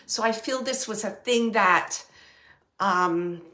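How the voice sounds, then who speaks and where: A woman working as a medium, giving a live reading to an audience member, talking in halting phrases with many fillers and repeating words as she relays messages. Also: mid-range voice, sharp tone. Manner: relays messages, quotes the dead man.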